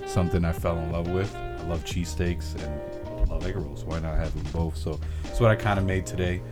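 A man's voice: sits low, brisk, over loud music. A man, the chef guest, talking casually and joking about his cooking on a podcast. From Puerto Rican family. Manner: relaxed, joking, talks with mouth full.

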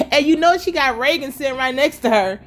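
A woman with a fairly high voice tells what happened in a TV episode in casual talk. She is animated and profane, and she laughs often as she goes. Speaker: show recap vlogger.

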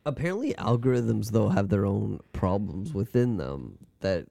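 Gravelly low-voiced man joking about football. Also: very animated, normal speed, dark tone, no room sound. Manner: joking, rambling, swears freely. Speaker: podcast co-host. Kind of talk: casual sports chat.

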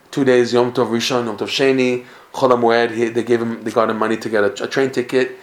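Animated man telling a Torah story. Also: mid-range voice. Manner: animated storyteller, Hebrew and Yiddish terms. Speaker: Torah teacher. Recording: echoey room.

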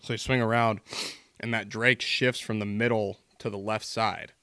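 A man's voice: lowish voice, steady tone, normal speed, bright, forceful tone, no room sound, studio quality. A man hosting a podcast in casual chat, laid-back and profane, telling his own hunting story. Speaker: podcast host.

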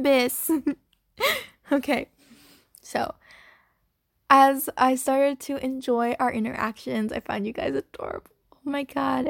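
A woman's voice: high voice, gravelly, fairly bright tone, no echo, studio quality. A young woman hosting her own unedited podcast, chatting in a scatterbrained, apologetic way. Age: young adult. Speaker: podcast host. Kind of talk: casual unedited podcast chat.

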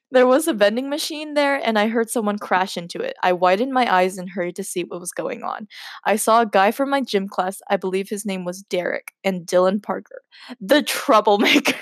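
A woman's voice: mid-range voice, dry recording, clean studio sound. A woman hosting a podcast, reading her old story aloud and breaking in with giggly, self-mocking asides. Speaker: podcast host.

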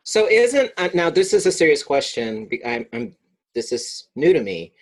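A man's voice: a little high, big pitch swings, moderate pace, slightly rough. A man on a podcast asking an earnest question in casual chat, restarting his phrases as he goes. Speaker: podcast co-host.

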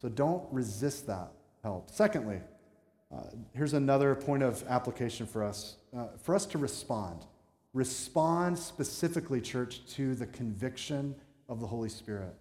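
A man's voice: mid-range voice, expressive, normal speed, a little mellow. A man preaching a sermon as pastor, telling stories with self-mocking asides and shifting from playful to earnest. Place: church sanctuary. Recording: echoey hall with long reverb.

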